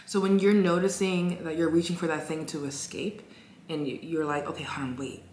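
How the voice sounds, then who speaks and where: A young woman giving a casual self-help talk, gentle and encouraging, with many fillers and restarts. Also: fairly low pitch, normal speed. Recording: echoey room with faint hiss.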